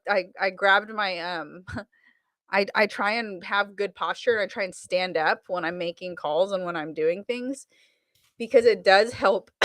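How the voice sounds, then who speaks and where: Guesting on a casual interview, a woman who trains car salespeople in America talks with energy, laughs a lot, and frequently restarts her sentences. Her mid-range voice is a bit bright, captured in clean, echo-free studio sound.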